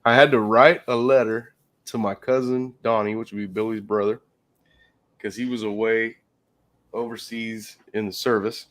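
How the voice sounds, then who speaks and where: A man's voice: fairly low pitch, little pitch movement, moderate pace. A man with a Southern US accent hosting a casual live stream from his workshop, telling stories with lots of cursing and laughter. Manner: profane, laughing storyteller. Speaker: shop host.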